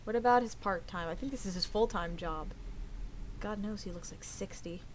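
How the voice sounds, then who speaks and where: A woman's voice: medium pitch, moderate pace, a little hiss or hum, rough recording. A young woman chatting casually while she streams a game, swearing often and sometimes dropping to a whisper. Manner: swears a lot, drops to whispers. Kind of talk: casual let's-play chat.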